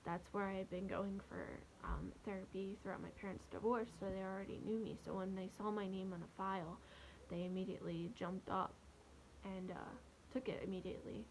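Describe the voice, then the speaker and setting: Young woman vlogger, gravelly fry, soft and halting, faint hiss behind. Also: medium pitch, fairly even intonation, poor audio. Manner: soft, halting, with many pauses and fillers. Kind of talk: personal storytelling to camera.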